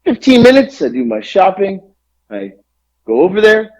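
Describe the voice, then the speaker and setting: A podcast co-host with a high-sitting voice and vocal fry tells a long, casual story at normal speed, animated, exasperated and full of swearing. The recording is low quality.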